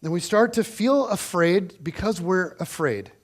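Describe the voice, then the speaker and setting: A man preaching to his church with a notably high voice. He tells the story in a chatty, animated way, drawing the congregation in with direct questions. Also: measured pace. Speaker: pastor. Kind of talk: sermon.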